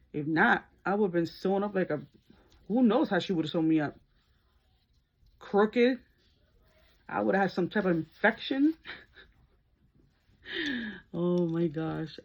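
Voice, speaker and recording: A woman vlogger telling a story in a casual, chatty way while doing her makeup, laughing as she talks. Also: muffled recording. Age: adult, works as a nurse. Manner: chatty and animated, laughs, slips into high-pitched screams when retelling. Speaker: beauty vlogger.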